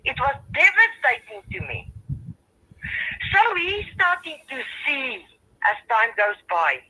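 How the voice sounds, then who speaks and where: A caller from South Africa with a South African accent and Afrikaans as a first language, talking earnestly and emotionally with halting restarts. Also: high-pitched, huge pitch swings, bright, forceful tone, rough recording. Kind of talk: phone-in conversation.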